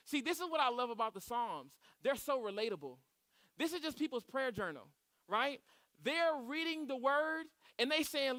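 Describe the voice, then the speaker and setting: A man's voice: extremely high pitch, big pitch swings, normal speed, sharp tone, dry recording. A man preaching a sermon in a church service, impassioned and rising to pleading prayer. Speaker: pastor. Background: live band playing.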